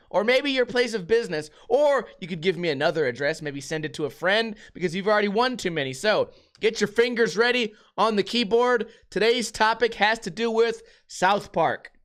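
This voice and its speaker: A young American man hosting a casual vlog, telling bar stories with lots of swearing and animated retellings. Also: high-pitched, moderate pace, hardly any pauses. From United States. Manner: profane, animated storytelling. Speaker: vlog host. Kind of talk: casual chat.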